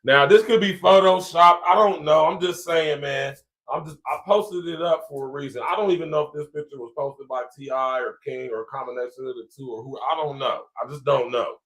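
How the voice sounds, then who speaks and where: A man's voice: on the high side, brisk, hardly any pauses, a bit bright. A man with a Columbus, Ohio accent hosting a podcast, talking in a casual, laid-back way to his viewers and chuckling often. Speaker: podcast host. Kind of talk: casual commentary to a live audience.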